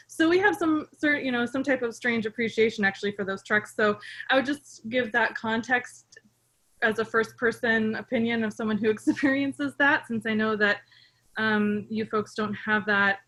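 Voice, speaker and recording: A woman giving a measured, polite public comment as a resident, calling in to a town meeting. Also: fairly high pitch, a bit bright. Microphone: remote call-in.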